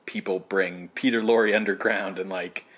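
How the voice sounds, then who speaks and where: A woman's voice: extremely low pitch, fairly even intonation, normal speed, breathy edge. A woman co-host making dry, wry comments in a casual film discussion. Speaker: podcast co-host.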